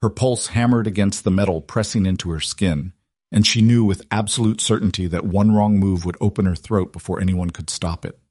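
Brief: male audiobook narrator, steady dramatic storytelling, low pitch, dry booth sound. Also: brisk, no room sound.

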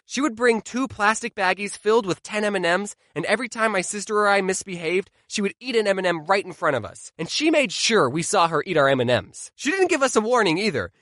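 Animated, sarcastic young man. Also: sits high, no echo, clean studio sound. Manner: animated, sarcastic, deadpan asides. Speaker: vlogger. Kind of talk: comedic storytime monologue.

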